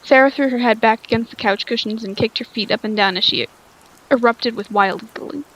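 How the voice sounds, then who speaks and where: A woman's voice: fairly high pitch, a little fast, slight background noise, poor audio. A woman reading a story aloud, sounding tired, stumbling over lines and rereading them. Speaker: story reader.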